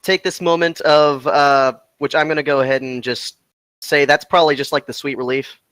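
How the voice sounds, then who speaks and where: A man playing a tabletop game, deliberately describing what his character does. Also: a little high, steady tone, a bit bright, dry recording, rough recording. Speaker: player.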